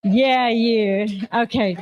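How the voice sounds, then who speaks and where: A woman's voice: a little high, steady tone, very slow, muffled recording. A woman giving an informal, rambling speech at an awards ceremony, repeating herself as she praises a colleague. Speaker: award presenter. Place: live awards event.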